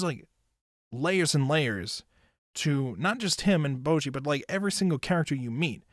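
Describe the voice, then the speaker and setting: A man's voice: mid-range voice, no room sound. Chatty young man, dry sound. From United States. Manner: loose and chatty, heavy on "like", swears freely. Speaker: anime reviewer and streamer. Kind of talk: casual rambling tier-list commentary.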